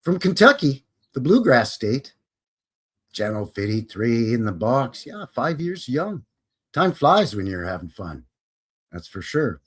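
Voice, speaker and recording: A man's voice: mid-range voice, very animated, measured pace, a bit bright, husky. A man hosting a casual livestream, jokey and upbeat as he greets viewers by name. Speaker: host.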